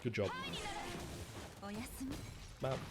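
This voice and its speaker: A man's voice: extremely slow, very noisy. A British man casually commentating a video game, wryly reading dialogue aloud with mock indignation. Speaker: gaming streamer.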